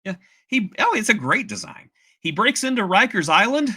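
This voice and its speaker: American podcast host, kinda high bright voice, laughs a lot, playful. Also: male voice, big pitch swings, moderate pace, husky. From United States. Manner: playful, laughing, recapping episodes. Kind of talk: casual chat.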